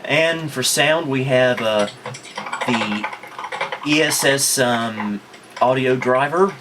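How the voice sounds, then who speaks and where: A man in a middle pitch hosts a casual retro computer show. He rambles comfortably, filling gaps with ums, while a faint hiss sits behind him. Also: slow. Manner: relaxed, rambling with many ums. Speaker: host. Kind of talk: casual tech review chat.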